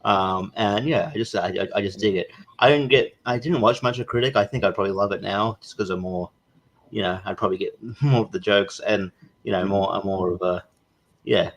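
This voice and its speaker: Relaxed slangy man, low voice. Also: a little fast. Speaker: panelist. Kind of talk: casual chat.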